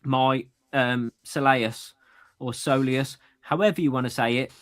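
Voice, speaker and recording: A man's voice: mid-range voice, moderate pace, a bit bright. A man co-hosting a running podcast over a remote call, chatty and stumbling, laughing at his own slips. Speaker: podcast co-host. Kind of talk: casual chat. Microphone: AirPods.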